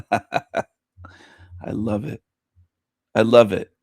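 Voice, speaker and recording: A man's voice: on the low side, level tone, very slow, a little mellow, no room sound, studio quality. A man hosting a casual livestream, repeating phrases in a gleeful, mocking way. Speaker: livestream host.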